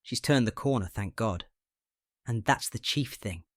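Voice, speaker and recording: A man reading aloud, voicing a brisk, kindly female nurse who reassures quickly. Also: lowish voice, no room sound, clean studio sound. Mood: reassuring.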